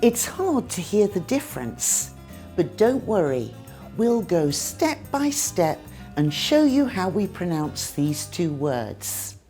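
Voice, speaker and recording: British woman, English teacher, unhurried, clear exaggerated modelling of words. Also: lowish voice, sing-song, warm tone, faint music behind. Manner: careful, exaggerated demonstrations of sounds. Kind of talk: scripted pronunciation lesson.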